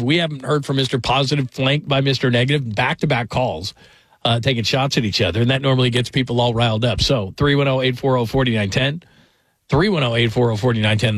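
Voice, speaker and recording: A man talks sports on the radio in a loose, rambling monologue, chuckling through his stories. His voice sits mid-range, and the studio sound is dry and close with no room echo. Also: medium pitch. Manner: chatty, rambling, laughs while telling stories. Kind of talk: casual talk radio monologue. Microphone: studio microphone.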